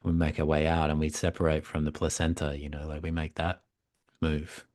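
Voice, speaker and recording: A man, a psychotherapist and mythologist, retelling a fairy tale in conversation, reflective and animated. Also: a bass voice, brisk, no echo, clean studio sound. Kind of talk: conversational storytelling.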